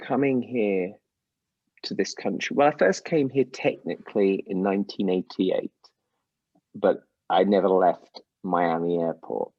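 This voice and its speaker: Slow-talking English man, lively storyteller. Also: no echo, muffled recording. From England. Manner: animated storyteller, mimics voices with big pitch jumps. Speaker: musician guest. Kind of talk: casual interview over a call.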